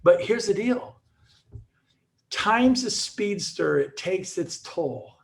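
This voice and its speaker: A middle-aged man gives an energetic motivational talk, piling up restarts as he tells his stories. His voice sits a little high for a man and has a gravelly edge. He speaks as a guest on a show. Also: slow pace. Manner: energetic storytelling with repeated restarts.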